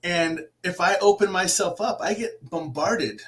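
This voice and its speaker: Excitable, higher-pitched male podcast host. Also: measured pace. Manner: excitable, laughs often, trails off and restarts. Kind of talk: casual conversation.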